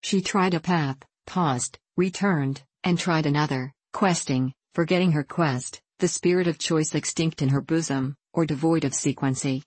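A woman with a low, husky voice reads a classic novel aloud. Her narration is measured and even, recorded close and dry. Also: dry recording. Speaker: audiobook narrator.

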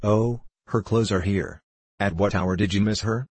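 A man's voice: on the low side, measured pace, slightly rough, no echo. A man doing a stern, impatient coroner. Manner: curt, sharp questioning.

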